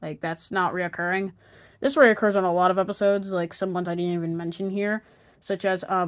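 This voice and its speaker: A woman narrating an opinion review of cartoon episodes, sarcastic and exasperated, sometimes dropping to a mutter. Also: lowish voice.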